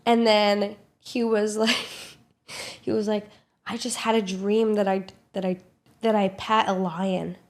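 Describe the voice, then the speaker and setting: A young woman streamer telling a story in a casual vlog, quick and animated, full of fillers and swearing, acting out what others said. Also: medium pitch. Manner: animated, swearing, filler-heavy, acts out quotes.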